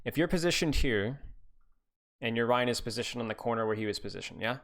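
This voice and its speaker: A man's voice: mid-range voice, lively intonation, fast talker, a bit bright. Male coach, live-stream review. Rambling, teasing, restarts often. Mid-range voice.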